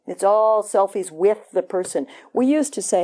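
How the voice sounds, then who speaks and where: A woman's voice: mid-range voice, normal speed, hardly any pauses, mellow. A woman meditation teacher giving a conversational, playful dharma talk at a retreat, acting out quoted voices. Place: retreat hall.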